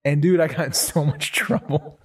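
A man's voice: a little high, normal speed, slightly rough, far from the mic. A man in a casual conversation, telling personal stories in a rambling way with many fillers and restarts.

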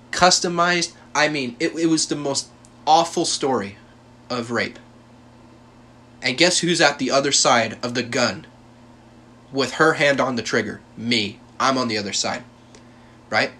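Heated, bright-voiced young man. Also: mid-range voice, a little hiss or hum. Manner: heated, profane and emphatic, with many restarts and repeated words. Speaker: podcast host. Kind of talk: personal storytelling monologue.

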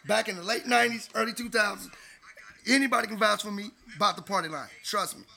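Gravelly high-voiced man telling stories. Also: quick pace, pushed and bright. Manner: storytelling, laid-back, slangy. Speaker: podcast co-host. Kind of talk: casual chat.

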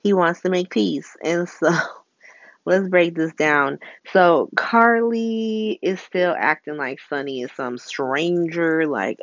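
A woman's voice: deep voice, slow, dry recording, muffled recording. A woman recapping soap episodes in a sassy, profane, casual style, laughing often. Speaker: soap opera recap host.

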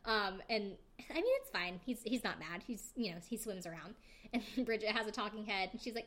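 A woman's voice: mid-range voice, fairly quick, a bit bright. A woman recapping a TV episode in casual chat, with frequent fillers and a light, laughing manner. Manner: chatty, heavy use of "like" and "um", laughs often. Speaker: podcast host recapping a reality show.

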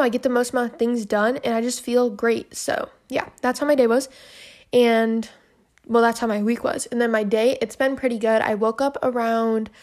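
A woman's voice: fairly high pitch, a little mellow. A young woman hosting her own podcast, talking casually and rambling a bit, often out of breath. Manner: chatty, rambling, self-deprecating. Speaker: podcast host. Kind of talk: casual solo podcast chat.

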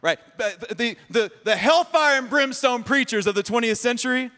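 Male pastor, high bright voice, animated sermon, long hall reverb. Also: moderate pace. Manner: animated, joking and sarcastic, repeats words. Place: church sanctuary.

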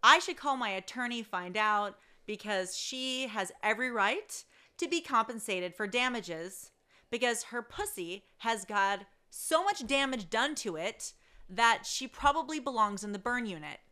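Blunt, crisp-voiced woman ranting. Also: expressive, a little slow. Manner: blunt and profane, swinging between loud outbursts and low asides. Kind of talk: casual storytelling rant.

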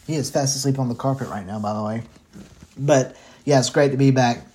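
A man's voice: medium pitch, brisk, warm tone. A man hosting a casual football picks show from home, rambling and swearing casually, short of breath as he talks. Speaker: sports picks host. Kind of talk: casual sports betting talk.

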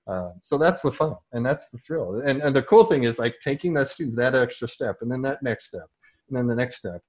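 This American man teaches and coaches soccer, and in an interview he gives long, animated answers. His mid-range voice moves a little fast, and he often restarts and acts out his own thoughts.

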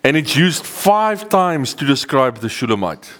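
A man giving an earnest sermon to a seated group, often slowing down to stress key words. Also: a little high, big pitch swings, a bit bright. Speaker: preacher. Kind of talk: sermon teaching to a live group. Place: meeting room with a seated audience.

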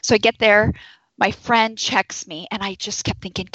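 A young woman who works as a labor and delivery nurse tells a personal story, slipping into the voices of the people in it. Her voice sits at a mid pitch. The sound is dry and close, slightly dull and lo-fi. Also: normal speed, no echo. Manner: animated, acts out quoted voices. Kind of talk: storytelling to an audience.

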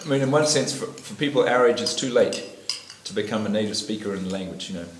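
A middle-aged man from New Zealand, his voice on the low side and fast, rambles through his life story as an interviewee at a meal. He laughs often and leans on fillers and restarts, with clattering dishes echoing loudly around the dining room.

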